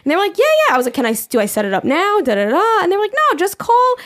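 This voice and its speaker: Young woman, podcast co-host; high, bouncy voice, quick laughs, swears freely while recounting a story. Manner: animated, laughs often, swears, acts out quotes. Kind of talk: casual storytelling chat.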